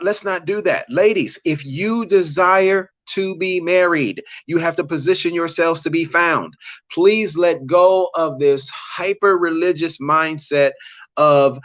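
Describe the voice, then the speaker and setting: A man's voice: high-pitched, fairly bright tone, dry recording. A man hosts a live relationship-coaching stream, lecturing his viewers in a preacherly way with slangy asides and greeting them by name. The sound is dull and lo-fi, dry with no room in it.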